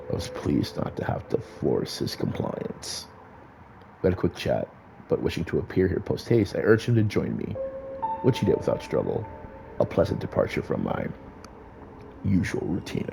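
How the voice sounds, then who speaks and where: A man voicing a calm, formal vampire sheriff in a game, with a deep, soft-spoken, half-whispered delivery. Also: creaky, full character voice. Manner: soft-spoken, measured, courtly. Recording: faint music behind.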